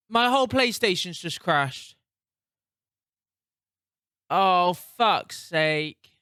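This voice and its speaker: Excitable sweary man narrating gameplay. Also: high-pitched, drawn-out words, long pauses, smooth, no room sound, studio quality. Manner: excitable, sweary, laughs a lot. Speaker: gaming YouTuber.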